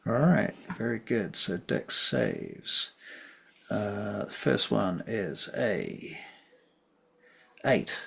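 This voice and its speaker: Gravelly-voiced man running a game. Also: fairly low pitch, expressive, drawn-out words, long pauses, a bit bright, a little hiss or hum. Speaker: game master.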